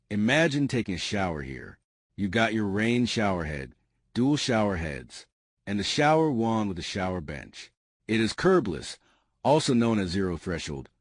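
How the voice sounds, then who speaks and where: A man's voice: lowish voice, no room sound, clean studio sound. A man hosting an enthusiastic video tour of a luxury house, pointing out features and calling his viewers family. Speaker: home tour host. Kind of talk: enthusiastic real estate walkthrough. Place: inside a large house.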